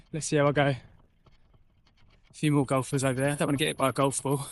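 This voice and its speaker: A man's voice: fairly high pitch, little pitch movement, normal speed, long pauses. A man chatting to himself and his camera while cycling outdoors, sometimes out of breath, with a casual and cheerful way of talking. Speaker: cycling vlogger. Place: outdoors on a bike route. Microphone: camera mic. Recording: faint outdoor noise.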